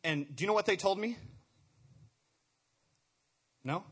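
Young man, husky voice, personal testimony, earnest, repeats words as he goes. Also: high voice, lively intonation, takes it slowly, fairly bright tone. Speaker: speaker sharing a testimony.

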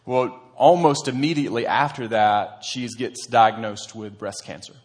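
A man's voice: medium pitch, a little slow. Earnest man preaching a sermon. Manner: earnest conversational storytelling. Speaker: pastor.

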